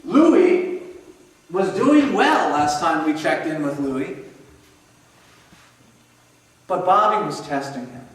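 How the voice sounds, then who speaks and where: A male pastor with a fairly high voice preaches in animated storytelling style and acts out the scenes he describes. He is heard from a distance, in a church sanctuary full of echo. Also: normal speed. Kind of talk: sermon. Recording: echoey church hall from far off.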